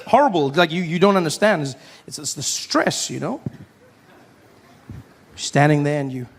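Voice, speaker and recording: A male stand-up comedian telling stories on stage, animated and acting out characters. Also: a little high, moderate pace, gravelly, slightly rough, in a large hall. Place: comedy stage before a live audience.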